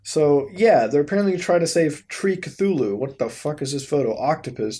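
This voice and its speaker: A young man hosting a video, giving casual commentary as he browses websites, swearing, laughing and reacting in disbelief, swinging between mumbles and sudden loud outbursts. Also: on the high side, normal speed, few pauses, husky. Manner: profane, incredulous, laughs often. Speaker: YouTube host.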